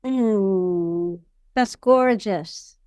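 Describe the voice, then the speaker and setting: A woman hosting an interview, answering in soft murmurs and slow, reflective sentences. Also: medium pitch, no echo. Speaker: podcast host. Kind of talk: interview chat.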